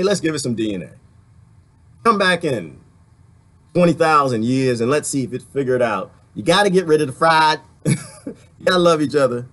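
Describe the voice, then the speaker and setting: A man giving a rambling, animated political rant to his online viewers, talking straight to them and laughing along the way. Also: mid-range voice. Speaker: vlogger.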